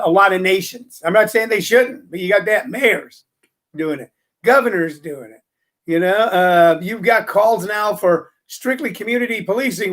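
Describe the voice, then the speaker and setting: A comedian and comedy teacher hosting his own show, talking in a loose, joking monologue. His voice sits fairly high for a man. He speaks wryly and keeps stumbling through ums and uhs. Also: fairly bright tone. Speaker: podcast host and comedy teacher. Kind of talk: rambling comic monologue.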